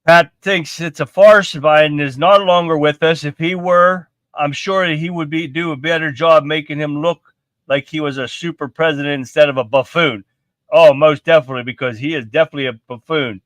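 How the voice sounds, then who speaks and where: Blunt, ranting man with a bright voice. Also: fairly high pitch, steady tone, a little fast, no echo. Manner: blunt, profane, ranting, reads viewer comments aloud. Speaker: live stream host. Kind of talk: political commentary live stream.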